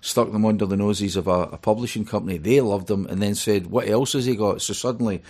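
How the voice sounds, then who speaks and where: A man's voice: fairly low pitch, fast talker, darkish tone, slightly rough. A middle-aged Scottish man, a guest in an interview, telling rambling stories full of fillers. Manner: chatty storyteller, rambling with many fillers. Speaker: author and DJ guest. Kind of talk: radio interview.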